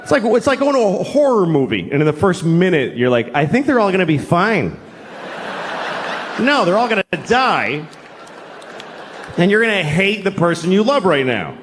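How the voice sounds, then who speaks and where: A middle-aged man from New York doing a stand-up comedy set, telling stories with sudden high-pitched acted outbursts. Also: big pitch swings, normal speed, slight background noise. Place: comedy stage before a laughing audience.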